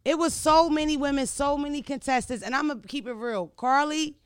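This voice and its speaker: A woman, hosting a podcast and telling stories in a brash, profane, animated way. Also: high-pitched, brisk, no echo, clean studio sound. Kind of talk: casual storytelling chat.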